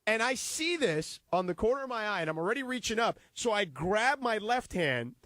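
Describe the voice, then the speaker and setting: A man co-hosting a sports radio show, chatting casually, reading an ad and telling a story with lively acted-out bits. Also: high-pitched, moderate pace, no echo. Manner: animated storyteller, acts out scenes. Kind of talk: casual radio banter and live ad read. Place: radio studio.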